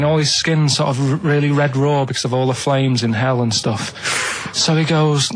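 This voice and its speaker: A man telling a rambling riddle story on a radio show, halting and repeating himself, checking in with "right?". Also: a little high, fairly even intonation, a little hiss or hum.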